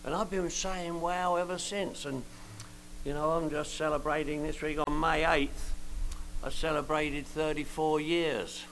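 A man's voice: fairly high pitch, little pitch movement, unhurried, fairly bright tone, slight background noise, poor audio. An older man giving a joking, colloquial personal testimony at a recovery meeting. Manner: joking, colloquial storyteller with slangy asides.

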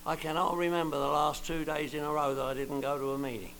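A man's voice: fairly high pitch, level tone, fast talker, gravelly, fairly bright tone, a little hiss or hum, rough recording. An older man giving a joking, colloquial personal testimony at a recovery meeting. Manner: joking, colloquial storyteller with slangy asides.

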